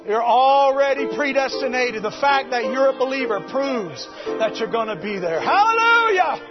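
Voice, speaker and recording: A man preaching a fervent sermon at a church service, shouting exhortations and calling out to the congregation. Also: very high voice, lo-fi sound. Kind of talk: Pentecostal-style sermon.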